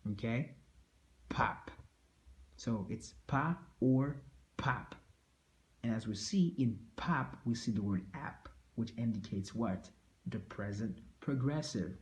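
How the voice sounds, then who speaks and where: A man teaching a language lesson. He talks slowly, repeats each example phrase and often checks in with "okay?". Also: medium pitch, expressive, a little mellow.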